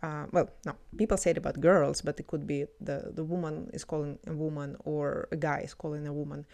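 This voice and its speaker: A woman explains words and phrases in a relaxed, teacherly way, filling her pauses with ums. Her voice sits low for a woman. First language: Russian. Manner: explanatory, many fillers. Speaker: language teacher. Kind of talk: explaining language clips.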